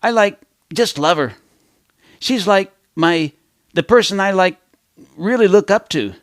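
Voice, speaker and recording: A man putting on a gushing teenage girl, high and breathless. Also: lively intonation, a little slow, no room sound, studio quality. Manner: breathless, gushing, says like constantly.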